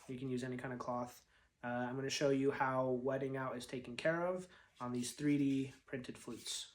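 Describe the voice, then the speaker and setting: A man teaches flute playing, walking through each step patiently. His voice sits at an ordinary middle pitch, and his delivery is unhurried and instructional. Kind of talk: instructional demonstration.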